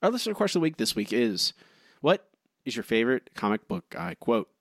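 A man co-hosting a podcast in casual chat, reading listener reviews aloud with self-deprecating asides and halting restarts. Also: mid-range voice, big pitch swings, no echo, studio quality. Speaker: podcast co-host.

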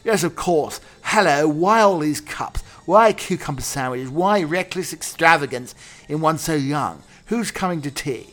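A man reading out a fussy, posh young Victorian gentleman in a mock-aristocratic, theatrical voice. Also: fairly high pitch, expressive, a little slow, pitched above the performer's own voice. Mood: affected.

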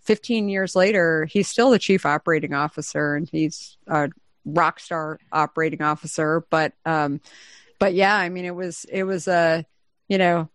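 A middle-aged woman, a company founder and interview guest, telling a story in a chatty, lively way, full of fillers and acted-out quotes. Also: deep voice, normal speed, dry recording. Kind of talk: anecdotal storytelling in conversation.

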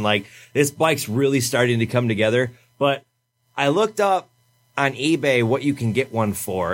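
A man's voice: medium pitch, a bit bright. A young man on a podcast, telling a rambling, profane story in casual chat.

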